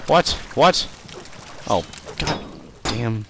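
A young man casually commentating his own gameplay, rambling, swearing and reacting loudly to what happens in the game. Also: medium pitch, expressive, very slow, background noise. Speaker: let's play host.

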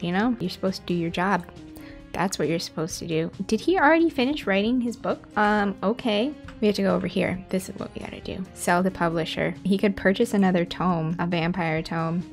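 Chatty woman narrating her gameplay. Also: medium pitch. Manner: chatty, reacting aloud to the game. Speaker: gaming video host. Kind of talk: casual gameplay commentary.

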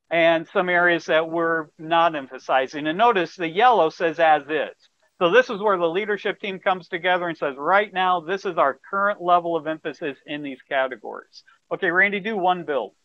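A man's voice: a little high, no echo. Man presenting slides on a call. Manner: explanatory, directs a slide operator, many fillers. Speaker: webinar presenter. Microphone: video call. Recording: muffled video-call audio.

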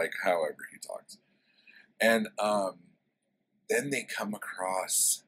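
A man's voice: on the low side, a bit bright, slightly rough, low-quality recording. A man casually retelling a favorite story in a book review, rambling and swearing with lots of fillers.

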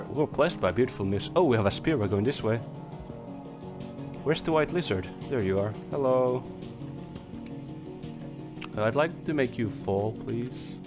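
A young man casually commenting on his gameplay, chatty and swearing, his voice hoarse from coughing. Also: lowish voice. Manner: chatty, swears, talks to creatures on screen. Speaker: let's play gamer. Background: game music.

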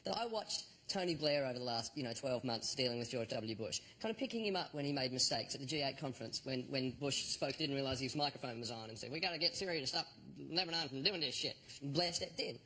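A man's voice: medium pitch, animated, quick pace, few pauses, pushed and bright, low-quality recording. A male comedian on a TV panel show, telling a chatty anecdote and acting out the quoted lines of the people in it. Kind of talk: comic storytelling. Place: TV studio with live audience.

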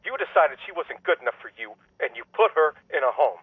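Bitter, accusing grown son on a tinny phone. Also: male voice, on the high side, very animated, fast, husky. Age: adult son with kids. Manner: accusing, clipped, resentful. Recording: dry tinny phone line.

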